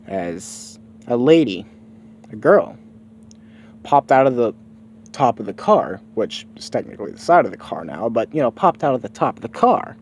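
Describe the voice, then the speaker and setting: A man's voice: mid-range voice, big pitch swings, normal speed, slight background noise. A man casually improvising a story, rambling and swearing freely. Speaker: streamer.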